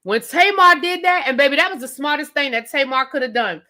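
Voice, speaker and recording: With a brisk pace, a woman hosting a live review stream rants sassily to her chat, calling them "y'all" and "baby." Her slightly high voice comes across bright and forceful, and she repeats questions for emphasis in an animated, loose, conversational flow.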